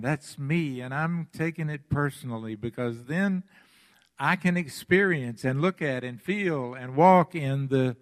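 Slow, emphatic man preaching a sermon. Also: on the high side. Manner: emphatic, slow and deliberate with repeated phrases. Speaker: pastor.

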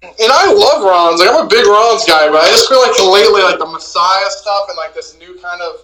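Bright-voiced man who fills his talk with "like". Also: high-pitched, expressive, a little fast, poor audio. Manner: filler-heavy, says "like" a lot, blunt. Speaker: co-host. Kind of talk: casual wrestling review chat.

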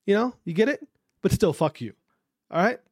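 A man's voice: sits high, animated, normal speed, vocal fry, breathy edge, dry recording, studio quality. A man hosting a podcast, ranting casually, swearing a lot and repeating himself. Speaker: podcast host. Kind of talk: casual profane podcast rant.

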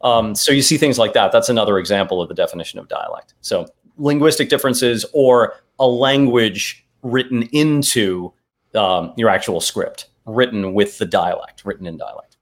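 A man's voice: on the low side, normal speed. A man, a dialect coach, explaining accent work step by step with examples in an interview. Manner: methodical, explains in steps with examples.

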